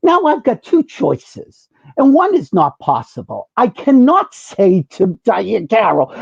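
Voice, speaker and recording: A male host telling a long anecdote in a chatty, self-mocking, animated way, in a slightly dull recording. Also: high-pitched, a little slow, gravelly, slightly rough, no echo. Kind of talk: casual anecdote storytelling. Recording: dull muffled sound.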